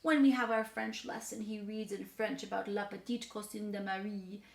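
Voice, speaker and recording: A woman with a mid-range, gravelly voice performs a precocious, mischievous six-year-old girl who lives in a hotel, speaking at normal speed with fairly even intonation and light acting. It's a dramatic storybook reading, a playful, chatty, boastful, matter-of-fact child monologue. The recording has a roomy echo.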